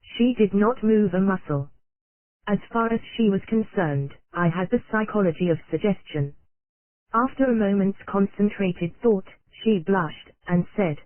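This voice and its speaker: An audiobook narrator reads an old psychology text in a steady, even, measured delivery. The sound is squeezed into a narrow, phone-like band. The recording is dry and close, with no room echo. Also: mid-range voice.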